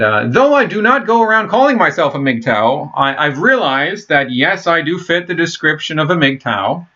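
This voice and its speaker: A man in his thirties rambles bluntly through a casual monologue, stopping and restarting his sentences and swearing freely. His voice sits fairly high and bright. The sound is dull and lo-fi. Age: 30s. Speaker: vlogger.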